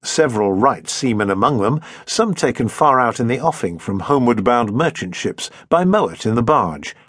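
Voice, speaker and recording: Husky guy reading an audiobook, lots of up and down, very dry sound. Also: medium pitch, normal speed, no room sound. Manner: expressive, varied reading. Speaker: audiobook narrator. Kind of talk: scripted narration.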